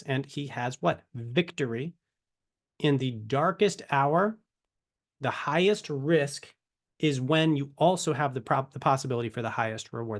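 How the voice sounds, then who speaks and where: A man giving a casual Bible teaching to camera, conversational and full of rhetorical questions. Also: mid-range voice. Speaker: ministry teacher.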